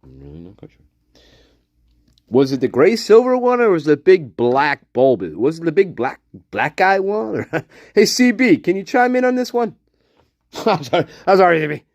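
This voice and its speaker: Giggly, animated man hosting a stream. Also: on the high side, normal speed, no echo, muffled recording. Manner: giggly and joking, laughs between lines; drops into breathy whispers at times. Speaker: livestream host. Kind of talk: casual livestream chat.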